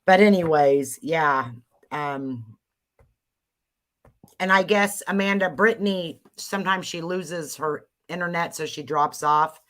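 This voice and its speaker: A woman's voice: deep voice, takes it slowly, a bit bright. A woman hosting a casual livestream chat, exclaiming and trailing off. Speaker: livestream host.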